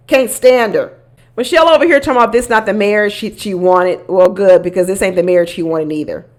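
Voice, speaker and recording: A woman giving sassy, casual commentary on a reality show, talking back to the people on it. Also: lowish voice. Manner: sassy, animated, talks back to people on screen.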